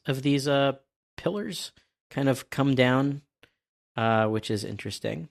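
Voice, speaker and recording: A man's voice: mid-range voice, animated, unhurried, creaky. A man casually recapping a comic chapter on a podcast, rambling with fillers and cracking self-deprecating jokes.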